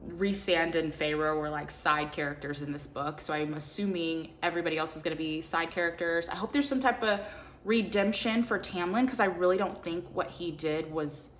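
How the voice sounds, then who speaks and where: Chatty woman with a lower voice. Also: moderate pace, a little hiss or hum. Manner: animated, filler-heavy, acts out characters' lines. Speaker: book reviewer. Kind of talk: casual book review chat.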